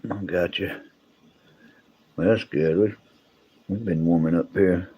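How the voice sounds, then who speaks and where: A man's voice: sits low, fairly even intonation, a little slow, breathy edge, highs cut off. A man hosting a livestream, chatting casually with viewers in a rambling, drawling way. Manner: rambling, drawling, restarts sentences often. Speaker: livestream host. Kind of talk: casual chat with live chat viewers.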